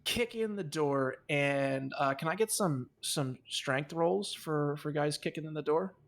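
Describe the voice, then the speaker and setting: A man's voice: fairly high pitch, unhurried. A man running a tabletop game as dungeon master, describing scenes with lots of fillers and restarts.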